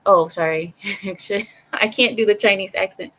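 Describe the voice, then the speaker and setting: Woman streamer ranting to chat, lively, repeats stuff for emphasis, mid-pitched voice. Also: fairly quick, poor audio. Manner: animated, talks straight to chat, repeats herself for emphasis. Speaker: live-stream commentator. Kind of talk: casual live-stream opinion chat.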